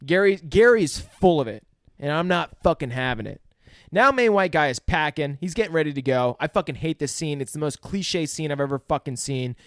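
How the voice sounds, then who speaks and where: A man's voice: fairly high pitch, brisk, no room sound, studio quality. A young man co-hosting a podcast, casually recapping a film with lots of swearing and acted-out lines. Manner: profane, animated, acts out scenes in quoted voices. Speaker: podcast co-host. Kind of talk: casual movie review chat.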